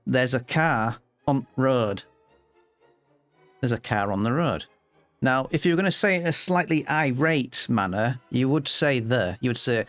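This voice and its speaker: A man with a Yorkshire accent chatting casually to his viewers, chuckling and pausing with lots of ums. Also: medium pitch, expressive, fairly bright tone, no echo, soft background music. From Yorkshire, England. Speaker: gaming YouTuber. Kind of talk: casual explainer talk to camera.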